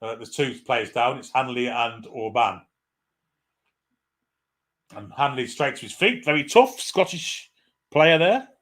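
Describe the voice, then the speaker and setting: A man's voice: medium pitch, lively intonation, measured pace, long pauses, a bit bright. Irreverent man. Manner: irreverent, swears, reads out viewer comments. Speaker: fan commentator. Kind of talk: live fan match commentary.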